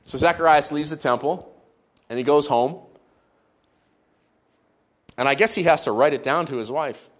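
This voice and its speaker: A man's voice: a little high, moderate pace, long pauses. A man preaching a sermon, retelling a story in a conversational way with playful asides.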